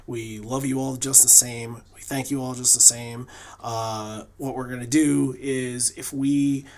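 A man co-hosting a podcast in casual chat. His voice sits at an everyday medium pitch. He rambles loosely, restarting sentences and filling pauses as he goes. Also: level tone, darkish tone. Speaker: podcast co-host. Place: lives in New England.

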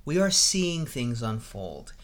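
A man opens the show as host, stacking up his points in a steady, repetitive rhythm. His pitch sits in the ordinary middle for a man, with a casual, even delivery. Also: takes it slowly. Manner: steady, building lists by repetition.

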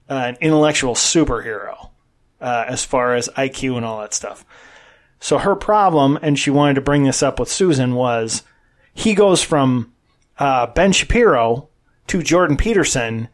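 A man co-hosting a podcast in casual chat, blunt and opinionated, swearing freely. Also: medium pitch. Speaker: podcast co-host.

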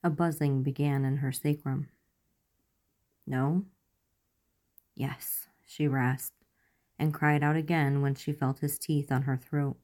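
A woman with a low, dark, mellow voice reads a romance story aloud. Her delivery is measured and soft, steady line by line. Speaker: narrator. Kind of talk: reading romance fan fiction aloud.

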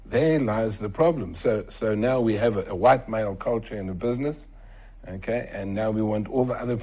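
An older man, talking earnestly as an interview guest and getting animated when he quotes others. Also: lowish voice, breathy edge. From South Africa. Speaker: author and entrepreneur guest. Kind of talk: conversational interview.

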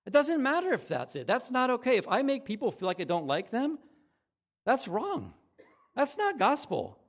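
Animated man preaching with lively pitch. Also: moderate pace. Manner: conversational and animated, acting out dialogue. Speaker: pastor. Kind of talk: sermon.

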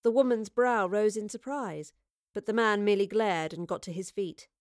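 A woman reading an audiobook as narrator, in a measured, even storytelling manner. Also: medium pitch, no echo, clean studio sound. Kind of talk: scripted narration.

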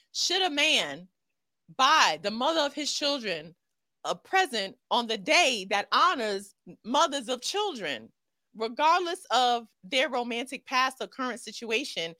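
A woman's voice: sits high, animated, measured pace, sharp tone, dry recording. A woman co-hosting a casual chat show, talking in an emphatic, incredulous way. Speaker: podcast co-host.

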